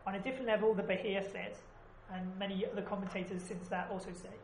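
A woman's voice: mid-range voice, fairly even intonation, quick pace, a little mellow. A woman teaching an informal class, chatty and often asking "right?" as she explains. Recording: echoey room, background noise.

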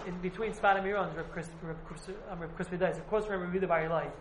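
A man's voice: high voice, fairly even intonation, racing, slight background noise. A man teaching a casual Talmud class to a few students, rambling and repeating himself as he explains. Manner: rambling, repeats and hedges often. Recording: echoey room.

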